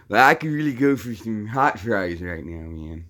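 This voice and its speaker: A man in his thirties putting on a mellow stoner dude who drawls and ends his lines with "man". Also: fairly low pitch, exaggerated voice.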